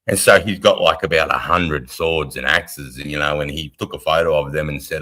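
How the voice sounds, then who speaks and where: A middle-aged Australian army veteran co-hosting a casual live stream, blunt, rambling and heavily profane. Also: male voice, a bass voice, fairly quick, hardly any pauses, pushed and bright. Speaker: livestream co-host, army veteran.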